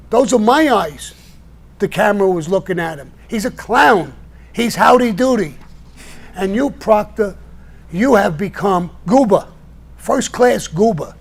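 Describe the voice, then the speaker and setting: An older man talks on a live stream, blunt and heated, cursing freely as he answers his critics. His voice sits fairly high for a man. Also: vocal fry. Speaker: show host answering viewers.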